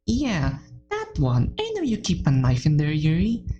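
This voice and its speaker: A woman's voice: deep voice, huge pitch swings, a little slow, mellow, muffled recording, full character voice. A woman voicing a blunt, fiery, protective small teenage girl in a visual novel game. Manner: brash, protective.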